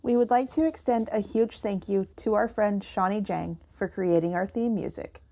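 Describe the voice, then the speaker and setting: A woman's voice: medium pitch, steady tone, moderate pace, mellow. A woman co-hosting a podcast in casual chat, laughing often. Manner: giggly, laughs a lot. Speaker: podcast co-host.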